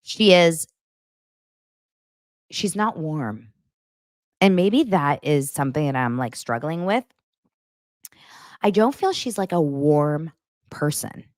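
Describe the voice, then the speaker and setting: Woman, young adult, podcast host, gossipy, animated, very lively pitch, dry close sound. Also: takes it slowly, long pauses, dry recording. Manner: gossipy and animated, acting out quotes in mocking voices. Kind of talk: casual pop-culture recap chat.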